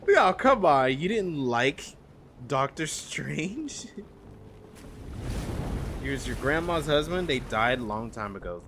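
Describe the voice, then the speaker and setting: A man streaming a horror game, chatting casually with his viewers and reacting with quick laughs. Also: mid-range voice, big pitch swings, a bit bright, slight background noise. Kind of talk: casual gameplay commentary.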